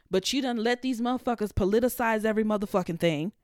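A woman's voice: fairly high pitch, fast, a little mellow, dry recording, clean studio sound. A young woman hosting a solo podcast, ranting in a sassy, profane, heated way. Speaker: podcast host. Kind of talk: casual solo podcast rant.

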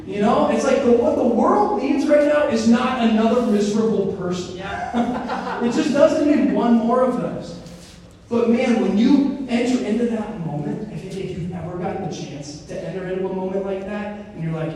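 A man's voice: sits high, moderate pace. A young man giving a casual faith talk, telling stories with lots of fillers. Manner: animated storytelling with many fillers. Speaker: speaker on Christian formation. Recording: very echoey hall, mic far off, faint noise.

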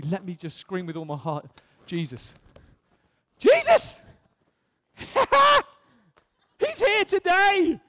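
A middle-aged man preaching a fervent sermon, dropping to a hush and then rising to shouts. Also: very high voice. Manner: swings from hushed to shouting, fervent. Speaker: pastor. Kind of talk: impassioned sermon. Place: church hall. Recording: long reverb of a large hall.

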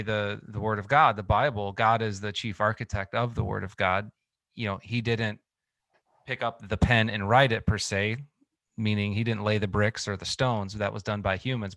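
A man's voice: on the low side, fairly bright tone, no echo, poor audio. A man hosting a conversation, thinking aloud in a casual, conversational way. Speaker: podcast host. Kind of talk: casual chat.

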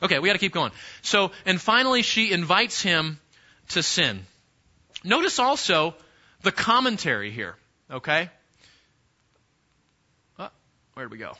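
A man teaching a sermon-style Bible lesson, animated and acting out the scenes he describes, often repeating himself. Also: sits high, measured pace, long pauses, highs cut off.

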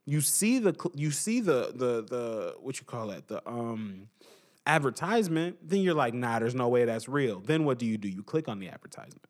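A young man hosting a podcast, giving an animated casual opinion monologue and repeating his points for emphasis. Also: medium pitch, moderate pace. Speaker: podcast host.

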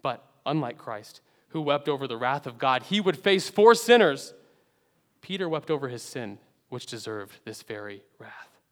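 A man preaching a sermon earnestly, swinging between loud emphatic phrases and hushed low endings. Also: big pitch swings, moderate pace. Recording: long hall reverb.

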